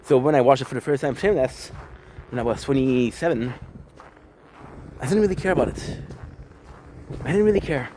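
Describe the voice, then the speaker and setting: Male vlogger, mid pitch, loose and profane, self-filmed outdoors with faint traffic noise. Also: a little fast, pauses often, warm tone. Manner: rambling, profane, self-reflective. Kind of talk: casual vlog monologue. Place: outdoors on a skateboard in the snow. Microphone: handheld camera, self-filmed. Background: faint street ambience and passing cars.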